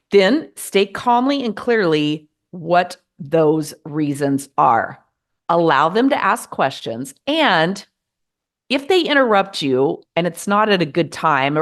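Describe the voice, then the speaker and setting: A middle-aged woman from the United States hosting a podcast, giving earnest, measured advice in a gently encouraging monologue. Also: low-pitched. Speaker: podcast host.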